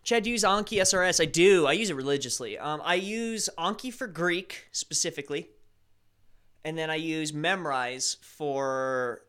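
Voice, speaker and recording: A man's voice: on the high side, pushed and bright, clean tone. A young man hosting a casual live stream, chatting loosely and reading viewer comments with a self-deprecating, rambling manner.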